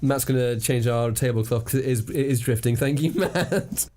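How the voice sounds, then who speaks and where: A man's voice: medium pitch, mellow. A young man co-hosting a podcast, chatting playfully and laughing easily. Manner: playful, jokey, quick to laugh. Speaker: podcast co-host. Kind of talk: casual chat.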